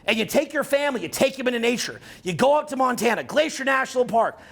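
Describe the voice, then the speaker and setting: A Canadian man in his forties, a social skills coach, giving a brash, profane, animated seminar talk to a crowd. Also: extremely high pitch, fast talker. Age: 40s. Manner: brash, profane, animated lecturing with mocking put-on voices.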